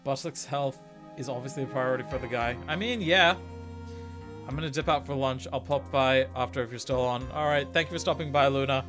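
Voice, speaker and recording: A man's voice: mid-range voice, brisk. Guy streaming a game, chill joking asides, game music in the background. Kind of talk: let's-play stream commentary and reading.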